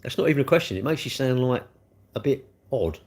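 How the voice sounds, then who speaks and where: A man's voice: medium pitch, lively intonation, a little fast, darkish tone. Chatty older man. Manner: chatty, rambling, blunt. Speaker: livestream host. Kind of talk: casual chat reading viewer comments.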